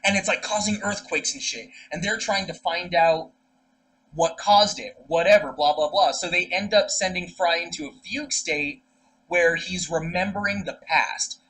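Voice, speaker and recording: A man's voice: high voice, moderate pace, fairly bright tone, rough recording. Rambling young man telling a story. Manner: rambling storyteller, many fillers and restarts. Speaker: podcast co-host. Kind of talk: casual chat.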